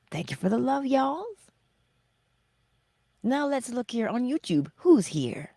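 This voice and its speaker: A middle-aged woman hosting a motivational livestream, speaking slowly and emphatically and often dropping to a breathy whisper. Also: on the high side, big pitch swings, mellow, no room sound, studio quality. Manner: acts out her own self-talk in little voices. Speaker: livestream host.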